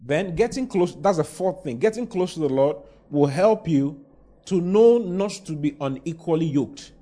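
A man preaching a sermon from the pulpit, his voice sitting a touch higher than most men's. He drives his points home with emphatic, rising exclamations and slips into playful mock voices. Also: lively intonation, moderate pace, warm tone. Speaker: pastor.

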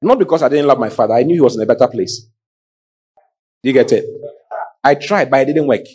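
A middle-aged man preaching a sermon, calling out to the congregation in an animated way. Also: mid-range voice, quick pace, breathy edge. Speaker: pastor.

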